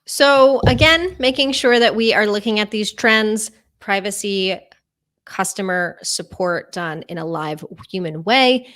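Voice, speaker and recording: A woman's voice: medium pitch, unhurried, fairly bright tone. A woman giving a keynote talk at a conference, presenting with light fillers. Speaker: keynote speaker.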